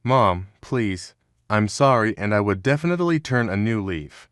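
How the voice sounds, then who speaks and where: Remorseful pleading stepmother, measured, low voice, dry, read by a man. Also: expressive, a bit bright, dry recording.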